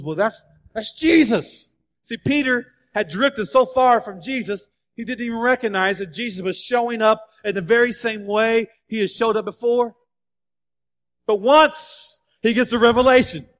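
A man preaching a sermon, telling the story with lively changes of voice as he acts out the figures. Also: extremely high pitch. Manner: animated storytelling, acting out quoted voices. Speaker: pastor. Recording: long hall reverb.

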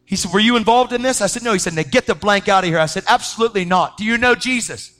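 A man preaching a sermon, telling a story with lively energy and acting out the voices of the people in it. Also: fast talker. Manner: animated, acts out quoted voices, pitch jumping up when excited.

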